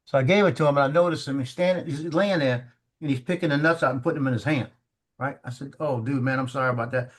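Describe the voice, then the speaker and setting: A middle-aged man telling family stories in casual chat, halting and repeating words as he acts out what people said. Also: medium pitch.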